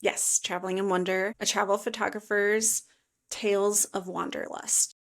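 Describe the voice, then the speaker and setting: A woman in her thirties from the Chicago suburbs, a guest on a podcast, telling her travel stories with energy. She talks at a middling pitch and leans hard on "like" and "you know". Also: normal speed, vocal fry. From suburbs of Chicago, USA. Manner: animated storyteller, many fillers like "like" and "you know". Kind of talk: casual interview chat.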